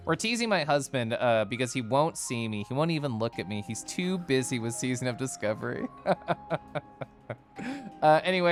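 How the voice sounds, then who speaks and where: A male streamer chatting with his viewers in a teasing, giggly way. His pitch swoops up and down constantly. Soft music plays faintly behind him. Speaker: livestreamer. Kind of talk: casual chat with stream viewers.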